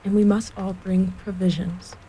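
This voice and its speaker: A woman's voice: medium pitch, little pitch movement, moderate pace, mellow, a little hiss or hum, lightly acted, poor audio. A woman voicing a young boy in a storybook reading, confident and explaining.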